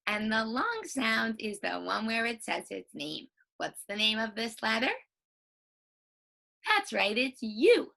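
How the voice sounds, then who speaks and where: A woman teacher records a phonics lesson for children, slowly sounding out vowels and repeating each one with emphasis. Her voice is a little high, very animated, creaky and sharp.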